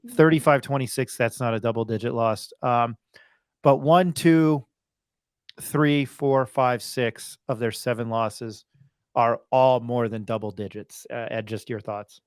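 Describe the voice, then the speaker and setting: A mid-range voice with fairly even intonation, a little slow, comes through clean and dry at studio quality. The man hosts a sports podcast, rambling casually with restarts and fillers as he reels off game scores.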